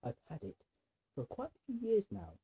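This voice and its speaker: Young man vlogging solo, scattered and self-mocking, sore husky throat, keeps clearing it. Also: fairly high pitch, wildly swooping pitch, normal speed, warm tone. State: sore throat, nagging cough. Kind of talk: rambling casual monologue to camera.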